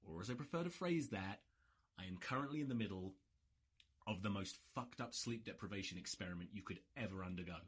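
A man's voice: on the low side, fast talker, husky. A tired man hosting his own rugby podcast, ranting with heavy swearing and sarcasm. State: exhausted. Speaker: podcast host. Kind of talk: solo rugby podcast rant.

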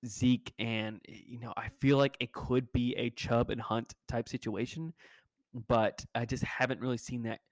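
A man's voice: mid-range voice, flat delivery, unhurried, no echo. A man co-hosting a casual sports podcast, blunt and dry, swearing casually as he talks football. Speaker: podcast co-host.

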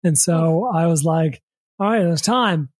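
An American man, a podcast host, telling a long story in casual chat, rambling and repeating words, acting out quick quotes. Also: a little high, dry recording.

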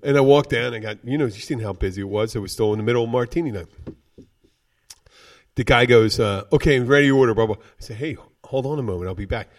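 A man's voice: medium pitch, quick pace, distant mic. A man from Philadelphia hosting a casual podcast chat, telling brash, profane stories about bartending.

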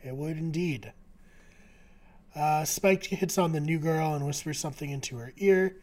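A man's voice: a little high, moderate pace, darkish tone. A man co-hosting a podcast, casually recapping a TV episode, chatty, with lots of fillers and frequent laughter. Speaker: podcast co-host.

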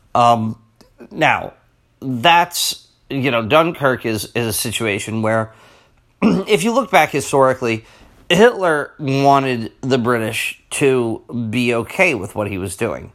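A man hosting a casual history podcast, talking in a rambling, halting way with restarts and throat-clearing. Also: mid-range voice, animated, a bit bright. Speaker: podcast host.

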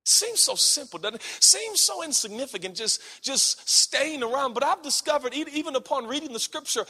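A man preaching a sermon at a conference, swinging from hushed near-whispers to shouts. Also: very high-pitched, big pitch swings, normal speed, few pauses, long reverb tail.

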